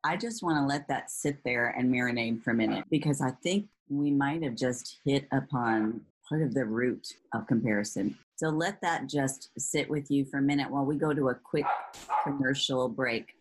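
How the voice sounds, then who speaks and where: A woman's voice: very deep voice, moderate pace, husky. A woman hosting a Christian talk show, speaking directly to listeners before a break. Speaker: host.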